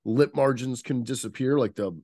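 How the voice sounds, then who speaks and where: A man's voice: medium pitch, normal speed, mellow, dry recording, studio quality. A man as a podcast guest, explaining like an instructor and stopping to search for the right word. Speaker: interview guest, nonverbal communication instructor. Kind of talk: casual podcast interview.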